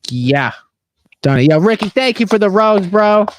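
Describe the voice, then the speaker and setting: A tired man with a high voice talking fantasy football on a casual livestream. He swears, jokes and rambles, and the sound is close and dry. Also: expressive, normal speed, no echo. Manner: loose, swearing, joking, yawning.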